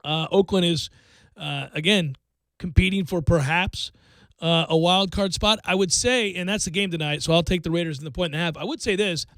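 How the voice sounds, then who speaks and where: Animated high-voiced sports radio host. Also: male voice, brisk, no room sound. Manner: animated, jokey, breaks into mock singing. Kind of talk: sports betting picks talk.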